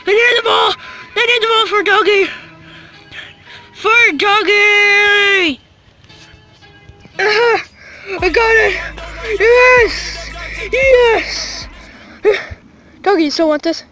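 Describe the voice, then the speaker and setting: A woman voicing a childish, grumpy male pig king in a fan cartoon, shouting and repeating himself with whiny sighs. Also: very high voice, brisk, faint music behind. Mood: excited.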